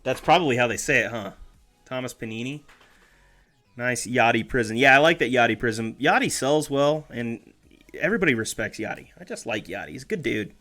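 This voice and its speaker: A man's voice: mid-range voice, animated, brisk, bright, forceful tone. A chatty man with a mid-range voice talks through a casual stream. He reads names aloud one after another, tosses in small jokes and fixes his own slips. Faint music plays behind him. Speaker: streamer opening trading card packs. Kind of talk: casual live-stream commentary.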